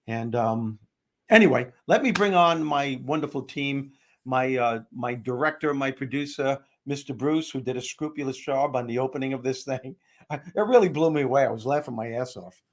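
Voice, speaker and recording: A man's voice: medium pitch, normal speed. A man hosting a podcast, talking casually and jokily. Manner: animated, jokey, does impressions. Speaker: host.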